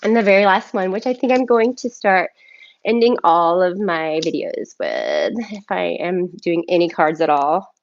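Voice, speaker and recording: A woman reading tarot cards and channeled messages on a solo live stream, excitable and effusive, often thanking spirit. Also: fairly low pitch, moderate pace, highs cut off. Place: home, by herself.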